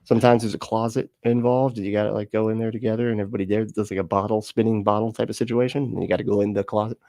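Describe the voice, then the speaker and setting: A man's voice: lowish voice, steady tone, very fast, mellow, no room sound. A man with a Southern US accent hosting a livestream, chatting casually and reading comments, rambling, laughing a lot and swearing freely. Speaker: livestream host.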